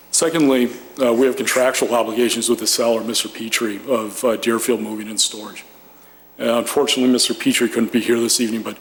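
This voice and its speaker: A man with a raspy, worn voice that is going hoarse addresses a village planning commission. He speaks in a level, unvaried tone with plenty of "uh" and "um". Faint hum sits behind him. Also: medium pitch. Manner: steady, with frequent "uh" and "um". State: losing his voice. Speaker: petitioner presenting a development. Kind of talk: formal public presentation. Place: municipal meeting chamber.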